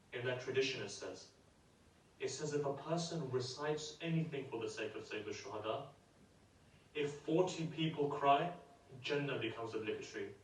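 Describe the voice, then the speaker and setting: Guy giving an emotional sermon, middle pitch, sounds kinda far away. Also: a little hiss or hum. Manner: emotional storytelling, rising to emphatic pleas. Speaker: preacher. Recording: roomy, from far off the mic.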